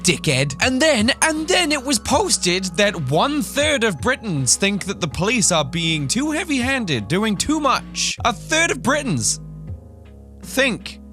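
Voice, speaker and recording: A man's voice: very high voice, big pitch swings, slow pace, bright, forceful tone, faint music behind. A man hosting a reaction vlog, ranting animatedly and swearing. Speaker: YouTuber.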